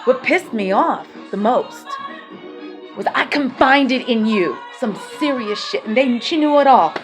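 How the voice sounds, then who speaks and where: A woman's voice: fairly high pitch, expressive, unhurried. A woman venting in a raw personal vlog, heated and confrontational, swearing as she airs her grievances. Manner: heated, confrontational, swearing, rising and falling in intensity. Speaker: vlogger. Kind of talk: emotional personal vlog rant. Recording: music playing behind the voice.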